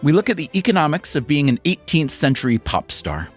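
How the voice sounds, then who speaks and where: A man's voice: fairly high pitch, very animated, a little fast, soft background music. Inquisitive male radio host. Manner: inquisitive, conversational questioning. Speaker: podcast host. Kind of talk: radio interview.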